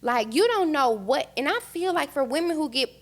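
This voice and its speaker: A young American woman speaks on a podcast with a fairly high, gravelly voice. She tells her story candidly and with feeling, animated and open. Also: moderate pace. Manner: emotional, frank, animated retelling. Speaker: podcast guest. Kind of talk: candid storytelling in casual chat.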